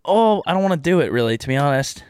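A man's voice: fairly high pitch, sing-song, darkish tone, clear, resonant tone, dry recording, studio quality. A young man co-hosting a podcast, chatting casually with jokes and rambling asides. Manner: joking, rambling, quick asides. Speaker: podcast co-host. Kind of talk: casual chat.

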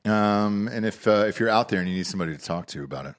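A man with a low voice reads a sponsor message on a podcast. He keeps it loose and offhand, his delivery dotted with fillers. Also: animated, quick pace. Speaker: podcast co-host. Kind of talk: casual chat and host-read ad.

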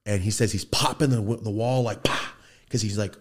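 A man hosting a podcast, telling a profane street story in a casual, animated way and acting out quotes and gun sounds in a studio. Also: on the low side, brisk. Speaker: podcast host.

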